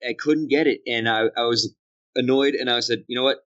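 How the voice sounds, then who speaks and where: A man's voice: mid-range voice, fairly even intonation, moderate pace, fairly bright tone, dull audio. A man with a Boston accent, a voice actor guest talking candidly and with self-deprecating humour in an interview from a dry hotel room.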